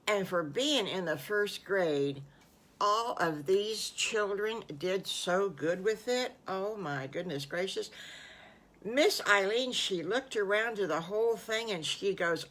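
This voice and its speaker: A woman's voice: medium pitch, unhurried. An older woman improvising a story for young children, doting and chatty. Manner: warm, doting, chatty with fillers.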